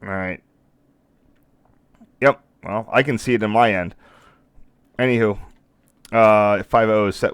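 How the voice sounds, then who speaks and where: Low, smooth-voiced rambling man streaming live. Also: measured pace, pauses often, dry recording, clean studio sound. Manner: rambling, self-interrupting, apologetic. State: losing his voice. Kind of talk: casual live-stream commentary.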